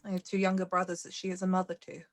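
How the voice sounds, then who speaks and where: A woman's voice: fairly low pitch, completely flat delivery, very fast, natural voice. A woman voicing a composed, scarred young noblewoman who speaks in a solemn, formal way. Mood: grave. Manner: solemn, formal in-character speech.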